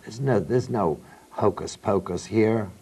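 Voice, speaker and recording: A man's voice: lowish voice, unhurried, gravelly, darkish tone, husky. A man with a Southern American accent, a reverend and trance medium, speaking emphatically and outspokenly on a talk show. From Southern United States. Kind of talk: studio talk show discussion.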